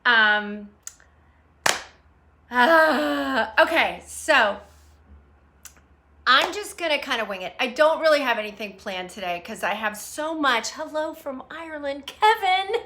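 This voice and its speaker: A woman's voice: on the high side, expressive, takes it slowly, long pauses, bright, forceful tone. A middle-aged woman hosting an unscripted livestream from her phone, rambling and greeting viewers by name as they join. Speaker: livestream host. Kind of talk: unscripted live chat.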